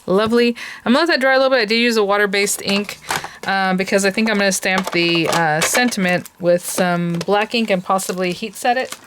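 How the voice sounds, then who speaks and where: A woman's voice: on the low side, a little hiss or hum. A woman hosting a casual crafting tutorial, chatty and thinking aloud as she works. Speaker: crafting host.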